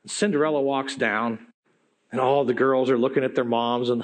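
A man preaching a sermon, telling stories in an animated, conversational way that swings between loud and hushed. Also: medium pitch, moderate pace. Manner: conversational, with asides to the audience.

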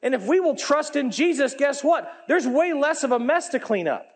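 A man preaching a lively sermon as pastor, swinging between loud, high lines and quiet, low asides. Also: moderate pace. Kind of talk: energetic sermon.

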